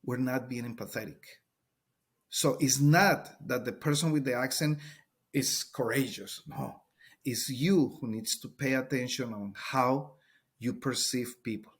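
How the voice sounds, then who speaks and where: A man's voice: medium pitch, unhurried, breathy edge. Colombian man speaking English earnestly. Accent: Colombian Spanish. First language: Spanish. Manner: earnest, emphatic, searching for words. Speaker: Spanish teacher and guest. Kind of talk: podcast interview.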